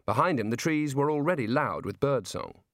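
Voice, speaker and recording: A man reading an audiobook in even, measured scripted narration. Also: mid-range voice, no room sound, clean studio sound.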